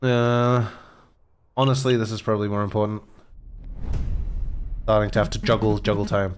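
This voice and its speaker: A man's voice: lowish voice, fairly even intonation, normal speed, long pauses, music in the background. A man streaming a game, giving offhand, muttering commentary. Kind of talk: casual let's-play commentary.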